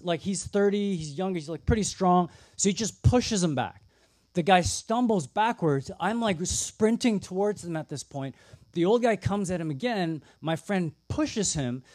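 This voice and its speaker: Young adult man, preacher, lively storytelling sermon, higher-pitched, dry sound. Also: no echo. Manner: animated storytelling with fillers and restarts.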